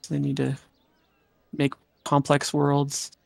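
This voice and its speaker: Jokey streamer guy rambling about movies, slightly high voice, dry close mic. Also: completely flat delivery, slow pace, gravelly, darkish tone, dry recording. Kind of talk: casual chat on a game stream.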